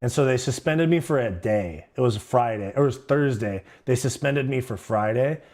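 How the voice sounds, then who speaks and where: A young man of middle pitch hosts a livestream and tells stories in a loose, rambling way. His talk is full of slang and swearing. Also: lively intonation, normal speed, darkish tone. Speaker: livestream host. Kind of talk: casual storytelling.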